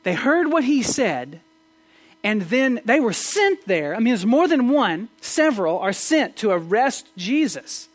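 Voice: mid-range voice, big pitch swings, unhurried. Pastor at a sunday service, chatty sermon style, asks the crowd questions, trips over words and restarts. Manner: conversational, with rhetorical questions and stammered restarts. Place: church service.

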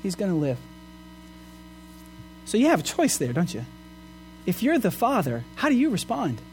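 A man's voice: high voice, wildly swooping pitch, fairly quick, soft background music. A man pastor preaching a sermon in an earnest way, asking his listeners questions. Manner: earnest, asks the congregation rhetorical questions.

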